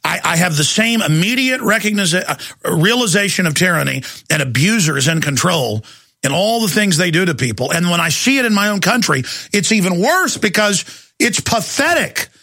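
A man hosting a talk radio show, ranting heatedly and shouting at times, then taking calls. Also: sits high, lively intonation. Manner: angry, shouting at times, fast bursts.

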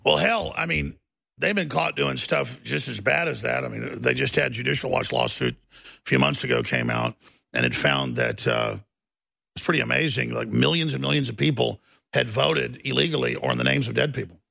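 A middle-aged man with a heavily gravelly, husky voice hosts heated political talk radio. His tone is bright and forceful, a little higher than most men, and he mocks opponents with shrieking impressions. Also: expressive, normal speed, no echo. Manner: mocking, breaks into shrieking impressions.

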